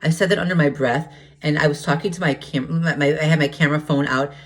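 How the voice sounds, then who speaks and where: A man's voice: a little high, fairly even intonation, quick pace, a bit bright. A man talking to camera in a casual monologue, agitated and hesitant, stumbling over restarts and repeated words and swearing heatedly. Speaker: vlogger.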